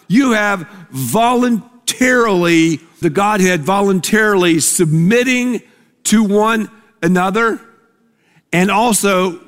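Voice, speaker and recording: Male preacher, high voice, emphatic sermon delivery, big reverberant room. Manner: emphatic, asks the congregation to repeat words. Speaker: pastor.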